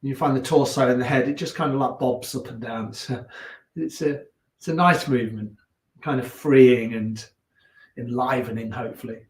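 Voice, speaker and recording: A yoga teacher with a Leicester accent talks his class through slow breaths and stretches. His cues are calm and unhurried, broken by easygoing chatty asides. His mid-pitched voice rings around an echoey room. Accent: Leicester English. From England. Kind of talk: guiding a gentle yoga class.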